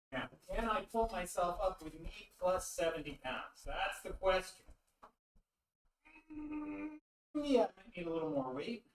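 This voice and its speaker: A man hosting a casual joking vlog, full of puns and crude asides, while he does weighted exercises. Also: fairly high pitch. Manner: jokey, punning, crude asides. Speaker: YouTube host. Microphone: camera mic from a distance. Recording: roomy echo, far from the mic, faint noise.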